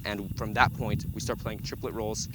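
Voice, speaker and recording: A man's voice: lowish voice, level tone, normal speed. A young man, a center snare drummer, walking through a drum break step by step with frequent ums. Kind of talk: instructional walkthrough. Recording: loud background noise.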